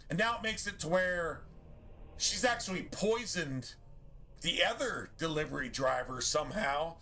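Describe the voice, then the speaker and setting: Give me a bright, slightly high-voiced man venting profanely to his stream chat. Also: lively intonation, unhurried, soft background music. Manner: profane, heated, rambling. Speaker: gaming streamer. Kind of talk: casual rant to stream chat.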